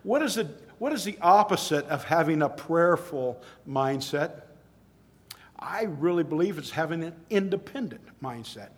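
Middle-aged man, sermon, conversational storytelling, emphatic peaks, fairly high voice. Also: expressive, normal speed. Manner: conversational, rising to emphatic exclamations. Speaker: preacher.

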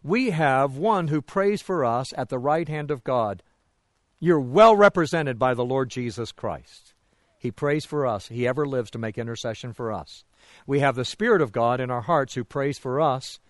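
A man's voice: expressive, moderate pace, dry recording, studio quality. A man preaching a sermon to a congregation, swinging his voice up and down for emphasis and asking them rhetorical questions. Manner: emphatic rises and drops in pitch and volume.

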